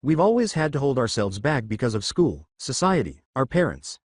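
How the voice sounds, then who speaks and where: A man's voice: mid-range voice, big pitch swings, normal speed, no echo, clean studio sound. A man reading a coolly menacing teen boy. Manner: level, impartial tone.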